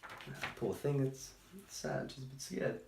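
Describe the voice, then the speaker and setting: A man's voice: mid-range voice, lively intonation, unhurried, vocal fry, slight background noise. Man reading a picture book, echoey room. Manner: chatty, gentle, sympathetic asides. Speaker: storytime reader. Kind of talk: reading a picture book aloud with casual asides. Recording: roomy echo.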